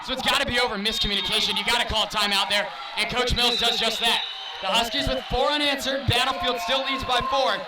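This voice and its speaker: A man's voice: extremely high pitch, fairly even intonation. A man calling a volleyball game play by play from a booth in a school gym, raising his voice as he loses it. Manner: rapid, raised play-by-play calling. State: losing his voice. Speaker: play-by-play announcer. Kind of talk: live sports commentary. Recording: distant mic, loud crowd noise. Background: loud cheering crowd.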